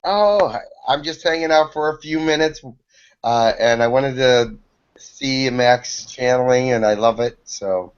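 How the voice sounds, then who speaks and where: A man's voice: mid-range voice, a little slow, clean tone. Easygoing man chatting on a call. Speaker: host. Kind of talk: casual chat in a video call. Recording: dull lo-fi call audio.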